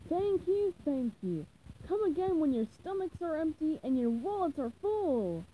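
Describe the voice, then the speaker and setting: Mister Krabs, a woman doing a booming crab boss. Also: sing-song, normal speed, mellow, poor audio. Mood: cheerful. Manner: booming, money-loving. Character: greedy gruff old male crab boss.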